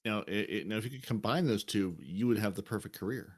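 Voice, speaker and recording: An American man co-hosting a podcast, trading dry jokes in easy banter. His voice sits low, and he stumbles and restarts often as he talks. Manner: dry, halting with repeated restarts. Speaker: podcast co-host. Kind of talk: casual banter.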